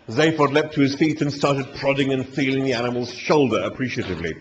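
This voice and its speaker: A man reading comic fiction aloud live in a dry, wry, animated manner. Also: mid-range voice, fast talker, few pauses, slight background noise. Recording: dull lo-fi live recording.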